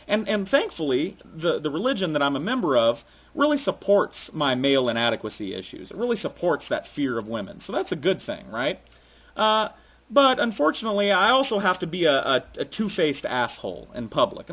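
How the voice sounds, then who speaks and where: A man's voice: a little high, sing-song, fairly quick, fairly bright tone, slightly rough. A man ranting sarcastically with frequent profanity, in a solo comic monologue. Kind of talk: sarcastic comic rant to camera.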